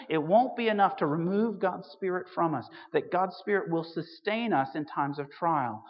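A preacher giving a conversational sermon to a congregation, asking rhetorical questions and adding wry asides. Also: mid-range voice. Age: 30s or older. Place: church hall. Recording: dull recording with long hall reverb.

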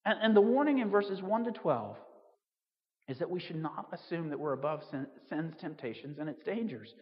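A man's voice: fairly high pitch, lively intonation, normal speed. A man preaching a sermon in a conversational way, full of asides and restarts. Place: church on Jersey. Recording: dull reverberant hall recording.

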